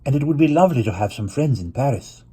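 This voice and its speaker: A man reading aloud, voicing a middle-aged mother in a gentle, higher, worried tone. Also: animated, quick pace, slightly rough.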